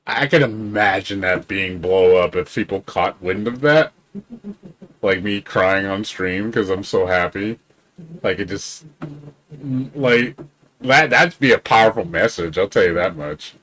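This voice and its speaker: A man streaming games live, rambling excitably in casual chat, swearing freely and laughing often. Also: lowish voice, unhurried. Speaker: game streamer.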